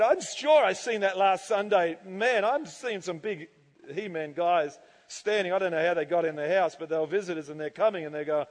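Male pastor, animated sermon, high voice, church hall reverb. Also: normal speed. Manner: animated, acts out congregation reactions, laughs often.

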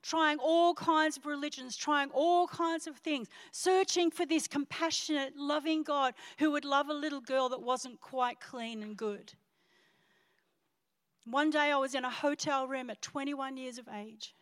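A middle-aged woman pastor preaching a sermon in church, telling her story with dramatic swings from hushed whispers to crying out. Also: high-pitched, fairly even intonation, measured pace. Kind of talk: sermon testimony.

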